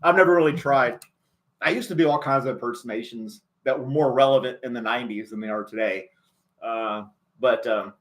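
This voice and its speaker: A man's voice: medium pitch, fairly bright tone. A man hosting a casual chat show, talking loosely and laughing often. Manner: chatty, laughs a lot. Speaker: host.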